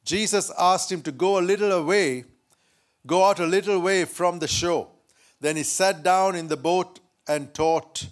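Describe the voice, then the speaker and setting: Slow, high-voiced male pastor. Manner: lively, laughs often, shouts quoted lines. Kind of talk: sermon with storytelling.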